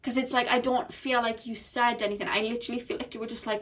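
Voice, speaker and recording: A woman with a slightly high voice gives a casual pick-a-card tarot reading. She talks in a loose, chatty way, full of "like" and "you know", and keeps laughing as she goes. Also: little pitch movement, fast, a bit bright.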